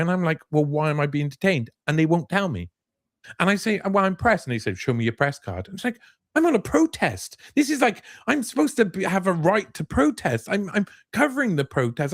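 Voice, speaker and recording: Animated man telling a story, dry close sound. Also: medium pitch, dry recording. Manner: animated, halting with many restarts. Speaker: guest journalist. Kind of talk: casual storytelling.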